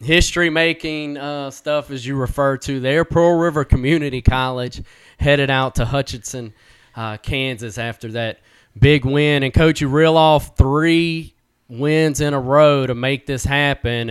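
A man's voice: a little high, steady tone, a little slow, a bit bright, clear, resonant tone, no echo. A man hosting a sports podcast, talking in an easygoing way with "uh" fillers. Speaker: podcast host. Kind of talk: casual interview.

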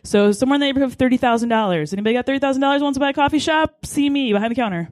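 A woman pitching her business to a room of investors, candid and a little joking. Her voice sits fairly high and sounds dry and close. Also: racing, darkish tone, dry recording. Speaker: coffee shop owner. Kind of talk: informal sales pitch.

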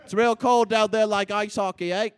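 A man's voice: high voice, steady tone, moderate pace, smooth, no echo, a faint crowd, voice pushed up, lightly acted. A man voicing a blustering con man with a put-on Australian accent, pushy and baiting others in an improvised comedy scene. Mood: swaggering. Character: blustering male con man calling himself Kangaroo Jack.

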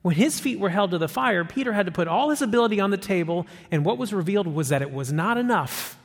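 High, lively preacher in a reverberant hall. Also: male voice, fast talker. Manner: emphatic, rising on questions, dropping low and soft for quotes. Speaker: pastor. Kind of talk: sermon.

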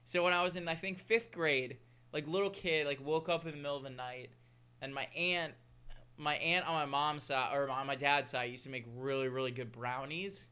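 A man's voice: fairly high pitch, steady tone, normal speed, pushed and bright, clear, resonant tone. A man co-hosting a podcast, chatting casually and telling joking stories. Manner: joking, storytelling. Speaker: podcast co-host. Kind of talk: casual chat.

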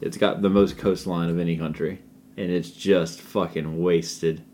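A man's voice: low-pitched, fairly even intonation, unhurried, warm tone, slight background noise. A young man co-hosting a podcast, joking loosely, swearing and laughing as he talks. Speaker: podcast co-host. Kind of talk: casual banter.

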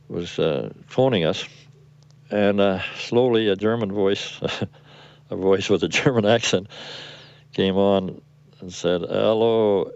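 An older man, a war veteran, recalling events in an interview with halting speech and frequent pauses for words. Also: deep voice, darkish tone, dry recording. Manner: halting, searching for words with many fillers. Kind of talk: recollection in interview. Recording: muffled lo-fi radio recording.

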